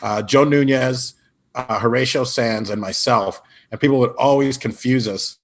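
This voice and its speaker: Husky-voiced male comedian telling stories. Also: mid-range voice, moderate pace. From Illinois. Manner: animated anecdotes with put-on quoted voices. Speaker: podcast guest, improv actor and comedian. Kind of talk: casual storytelling interview.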